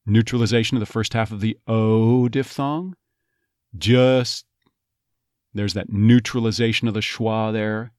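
Male coach, low voice, demonstrates sounds slowly, dry close recording. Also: fairly even intonation, a little mellow, no echo. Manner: breaks words into sounds, models them slowly. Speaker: accent coach. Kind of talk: phonetics lesson.

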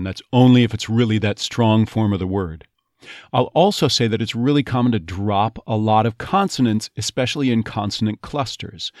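Methodical male accent coach, low and dry. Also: darkish tone, dry recording. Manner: methodical, demonstrates sounds word by word. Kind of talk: instructional teaching.

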